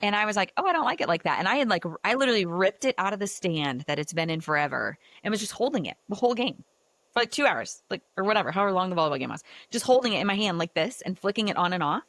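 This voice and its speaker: A woman hosting a podcast, telling a personal story in a casual, animated way and saying "like" often. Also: mid-range voice, quick pace, no room sound. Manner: animated, chatty, heavy use of filler "like". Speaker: podcast host.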